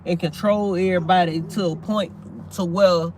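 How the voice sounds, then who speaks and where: Man, high-pitched for a man, rambling, animated, profane, casual chat, faint background noise. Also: normal speed.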